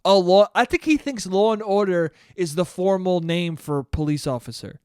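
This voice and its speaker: A young man hosts a solo podcast, rambling casually and swearing as he jokes along. His voice is high and smooth. The recording is close and dry, with no room sound. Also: normal speed, a little mellow, dry recording. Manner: profane, rambling, joking. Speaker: podcast host.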